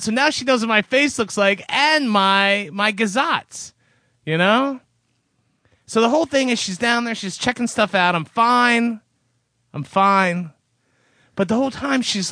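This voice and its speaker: A man's voice: high voice, normal speed, sharp tone, dry recording, clean studio sound. A man co-hosting a casual podcast, telling an embarrassing story about himself in a sheepish, self-deprecating way. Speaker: podcast co-host.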